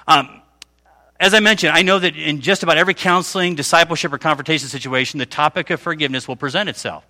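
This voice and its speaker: A man's voice: on the high side, bright, forceful tone. A middle-aged man preaching a conversational sermon, often checking in with his listeners. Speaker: pastor.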